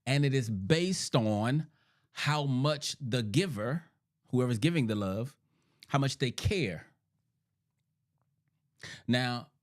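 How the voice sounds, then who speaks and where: A middle-aged man, a therapist hosting a podcast, teaching in a monologue with emphatic repetition and frequent "right?" checks, a little sick and clearing his throat. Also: mid-range voice.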